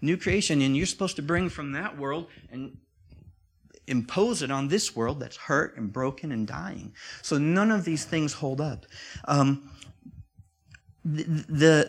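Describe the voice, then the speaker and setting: A man preaching a sermon to his congregation, talking in a conversational, repetitive way. His voice sits in a middle pitch range. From time to time he pushes up into loud, emphatic declarations. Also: gravelly, husky. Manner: conversational, repeats himself, rises to emphatic peaks.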